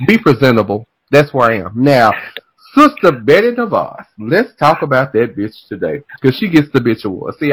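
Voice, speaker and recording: A man hosting a casual, comedic chat, animated and swinging between loud exclamations and muttered asides. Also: medium pitch, husky, no room sound, low-quality recording.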